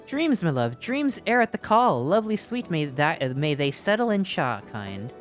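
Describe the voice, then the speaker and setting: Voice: medium pitch, big pitch swings, normal speed, soft background music, voice pushed up, lightly acted. A streamer voicing an ancient, whimsical forest being who rambles in quaint, broken, archaic phrases and calls the listener "my love.".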